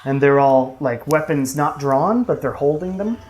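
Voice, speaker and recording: A man narrating a tabletop game as game master, talking in a relaxed, loose way with many fillers. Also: a little high, moderate pace, slight background noise, poor audio. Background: faint music.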